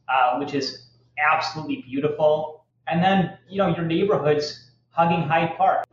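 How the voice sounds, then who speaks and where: Male podcast guest with a halting, filler-heavy delivery. Echoey, muffled audio. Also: medium pitch, a little hiss or hum. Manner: halting, many fillers and restarts. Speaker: real estate guest. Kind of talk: casual podcast interview. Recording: echoey, slightly dull audio.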